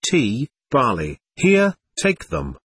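A man voicing a loud, boisterous male trader who bellows and booms in a storybook reading. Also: huge pitch swings, slow pace, slightly rough, dry recording, exaggerated voice. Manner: bellowing, booming.

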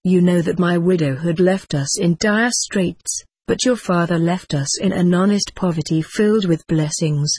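In an audiobook character reading, a woman narrator voices a frail, devout widowed mother pleading with her child. Her lowish, breathy tone is slow, tender, gentle and earnest, recorded close and dry with no echo.

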